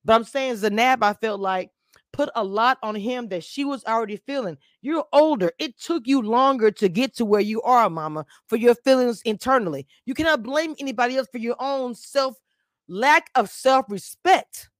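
A woman's voice: fairly high pitch, animated, normal speed, no echo, clean studio sound. A woman reviewing a reality show on a casual live stream, blunt and opinionated in her takes.

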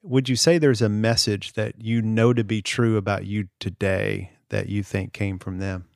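Low-voiced easygoing male podcast host. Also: steady tone, moderate pace, vocal fry, a little mellow, no echo, studio quality. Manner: easygoing, rambling with fillers. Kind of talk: casual conversation.

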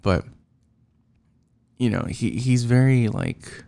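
Speaking slowly, a man who drives for work complains about his coworkers, rambling and restarting with lots of filler words. His voice is mid-range, mellow, and gravelly.

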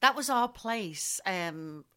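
A woman in her fifties with a Liverpool accent, a stage actress and singer telling lively stories as an interview guest and laughing easily. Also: mid-range voice, takes it slowly, smooth. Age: 50s. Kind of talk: casual chat interview.

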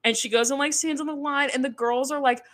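A young woman hosting a podcast in casual chat, animated and gossipy, acting out quotes in jumpy voices. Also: fast talker. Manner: animated, gossipy, acts out quotes with pitch jumps. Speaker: podcast host.

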